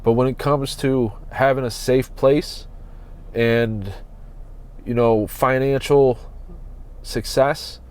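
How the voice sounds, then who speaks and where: A man hosting a solo podcast from inside his parked van, talking slowly and earnestly as he searches his soul. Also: medium pitch, fairly even intonation, clear, resonant tone. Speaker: podcast host.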